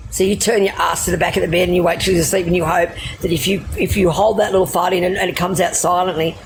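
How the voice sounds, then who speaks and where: A woman's voice: on the low side, fairly even intonation, fast talker, noisy background. Blunt, foul-mouthed Australian woman. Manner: blunt, heavy swearing, laughing through her stories. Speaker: livestreamer. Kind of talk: casual storytelling to live viewers.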